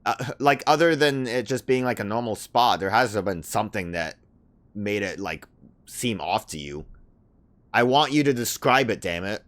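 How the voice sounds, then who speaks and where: Low-voiced man chatting over gameplay. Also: lively intonation, normal speed, fairly bright tone. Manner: chatty, thinks aloud with many "like" fillers. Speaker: let's play host. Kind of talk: casual gameplay commentary, reading dialogue aloud.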